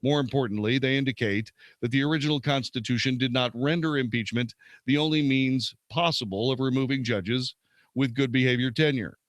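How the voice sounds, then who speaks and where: A man's voice: mid-range voice, brisk, dry recording. A man hosting a show, reading legal texts aloud and commenting, stumbling and correcting himself now and then. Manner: reads steadily, stumbling and correcting himself at times. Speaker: host.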